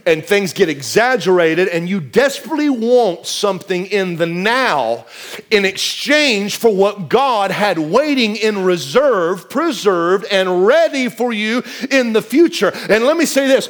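Preaching pastor who swings loud and soft. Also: male voice, high-pitched. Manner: preaching with big swings from loud to hushed, repeating phrases. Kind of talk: sermon. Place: church.

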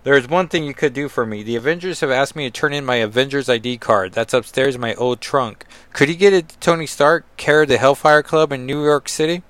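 A man's voice: medium pitch, brisk, few pauses, fairly bright tone, no echo, lightly acted. A man reading aloud the letter of an earnest young superheroine, in a slightly raised voice. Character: young heroine writing a heartfelt letter home.

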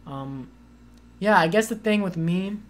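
A woman's voice: fairly low pitch, unhurried. A woman co-hosting a casual chat, telling a long story with many fillers and acted-out quotes. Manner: animated, acts out quoted voices with lots of "like".

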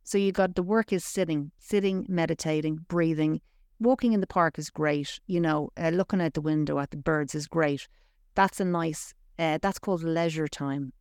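A woman's voice: low-pitched, normal speed, a little mellow, smooth, no echo, clean studio sound. A woman speaking as a podcast guest, teaching on spirituality with emphatic, repetitive, punchy phrasing. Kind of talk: conversational teaching.

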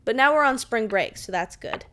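Young woman, deadpan, casual podcast chat, faint background noise. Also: on the high side, normal speed. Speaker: podcast co-host.

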